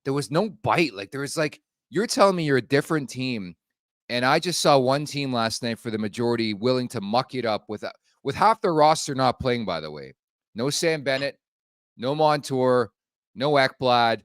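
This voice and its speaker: A podcast host talks about hockey bluntly and casually, with plenty of swearing and filler words. His voice sits at a middle pitch. The sound is close and dry. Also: animated, normal speed, no room sound.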